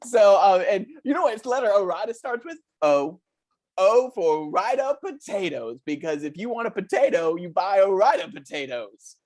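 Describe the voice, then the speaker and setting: A man's voice: sits high, lively intonation, normal speed, darkish tone, pitched above the performer's own voice. A man improvising an overeager children's TV show host, talking in a sing-song way as he plugs a sponsor. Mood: peppy. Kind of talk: improv comedy scene.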